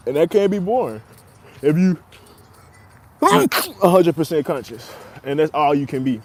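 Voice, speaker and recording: A man's voice: on the high side, very animated, a little slow. A young man talking casually and at length as a podcast host, laid-back and slangy, laughing often as he talks. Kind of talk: casual monologue.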